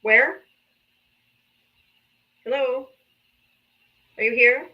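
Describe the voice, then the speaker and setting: A woman, a mother, hosting a live political talk stream in casual, animated chat, swearing freely. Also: high voice, extremely slow, highs cut off. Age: adult mother. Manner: animated, swears freely, slips into comic voices.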